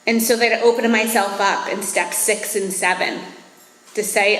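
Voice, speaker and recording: A woman's voice: mid-range voice, fairly even intonation, normal speed, fairly bright tone. A woman in her thirties giving an earnest, reflective talk at a recovery meeting. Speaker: AA speaker. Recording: echoey hall.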